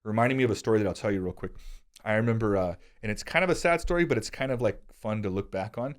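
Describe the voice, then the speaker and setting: A man in his thirties hosting a podcast, telling casual stories with self-deprecating humor. He gets animated, and his voice jumps high when he quotes himself. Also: quick pace. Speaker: podcast host. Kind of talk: casual conversational storytelling.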